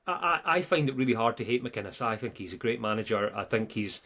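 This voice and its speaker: Scottish guy on a live footy podcast, lively, laughs a lot, does little impressions of pundits. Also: fairly low pitch, fast talker. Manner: animated, laughs often, mimics pundits and players. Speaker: podcast co-host. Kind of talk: casual football chat.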